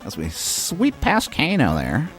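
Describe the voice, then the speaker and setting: A man's voice: a little high, huge pitch swings, takes it slowly, fairly bright tone, soft background music. A man from Maine in his thirties, hosting a retro game playthrough and rambling through casual, profane, wry commentary. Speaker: host. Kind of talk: casual let's-play commentary.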